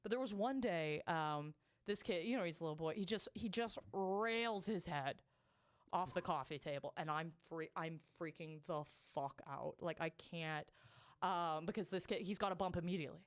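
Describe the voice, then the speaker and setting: A woman's voice: fairly low pitch, moderate pace. A woman co-hosting a podcast, telling a story in casual chat with lots of swearing and laughter. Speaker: podcast co-host.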